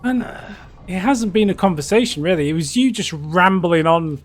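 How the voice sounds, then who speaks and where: A man's voice: sits high, animated, moderate pace. A British man co-hosting a game livestream, joking in a wry, dry way. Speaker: game streamer co-host. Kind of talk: casual gaming livestream chat.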